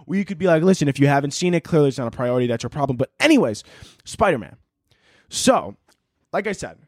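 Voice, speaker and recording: A young man rants on his solo podcast, animated and sarcastic, with plenty of swearing. His voice sits fairly high for a man. The recording is close and dry. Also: no room sound. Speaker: podcast host. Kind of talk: casual solo podcast rant.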